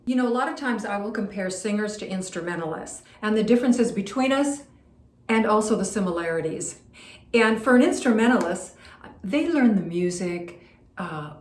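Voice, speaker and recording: A woman vocal coach giving an instructional talk, emphatic and animated, often checking in with a rhetorical "right?". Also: medium pitch. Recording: roomy echo.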